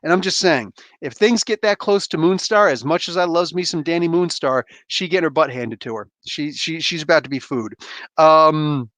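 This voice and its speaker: A man's voice: a little high, moderate pace, fairly bright tone, dry recording. A man hosting a casual comic book spoiler review, rambling enthusiastically with slangy asides.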